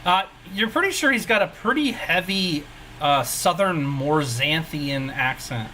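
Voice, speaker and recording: A man narrating a tabletop game as game master, rambling and easygoing as he describes scenes. His voice is bright and a touch high for a man, with a light hiss of background noise. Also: animated, measured pace, low-quality recording. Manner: rambling, laid-back, self-mocking.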